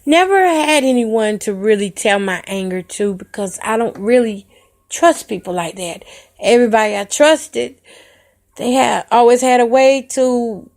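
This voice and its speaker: A woman's voice: fairly high pitch, expressive, measured pace. A woman hosting a podcast, telling a personal story candidly and emotionally and speaking to her listeners directly. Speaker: podcast host.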